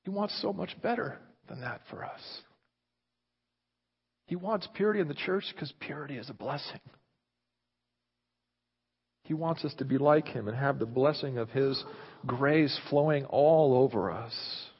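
A man preaching a sermon, moving from loud, fervent delivery to hushed near-whispers. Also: medium pitch, unhurried, long pauses, breathy edge. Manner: impassioned, rising loud then dropping to near whispers. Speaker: pastor. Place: church sanctuary. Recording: muffled reverberant hall recording.

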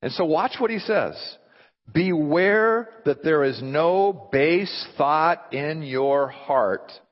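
Pastor, slightly high voice, animated sermon delivery, long hall reverb, muffled lo-fi audio. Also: male voice, takes it slowly. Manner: animated, asks the listeners rhetorical questions.

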